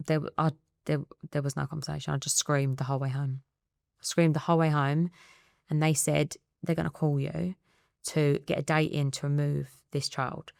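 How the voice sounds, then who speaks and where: A woman in her thirties with an Essex accent, a guest telling her story in a candid interview, quick and acting out the dialogue. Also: deep voice, little pitch movement, vocal fry, a little mellow, no room sound, clean studio sound. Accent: Essex English. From England. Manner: rapid storytelling that re-enacts dialogue.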